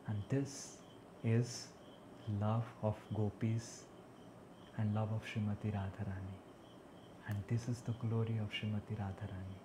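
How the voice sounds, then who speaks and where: A man preaches a devotional sermon in an earnest, drawn-out way. His voice sits low, with a faint hum of room noise behind him. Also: flat delivery.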